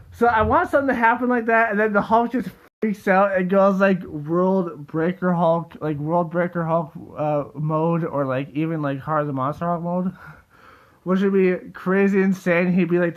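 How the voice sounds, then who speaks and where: Young male host, high-pitched, rambling and excitable, casual delivery with constant fillers. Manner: rambling, full of "like" and restarts, excitable. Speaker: theory video host. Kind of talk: casual solo monologue.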